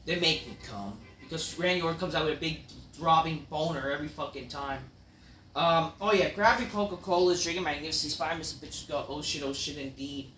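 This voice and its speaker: A man rants his way through a wrestling review, rambling and swearing. His voice has a bright, sharp edge and flares into loud outbursts. It sounds distant from the mic in an echoey room. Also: fairly high pitch, steady tone, a little fast, slight background noise. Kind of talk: casual ranting review.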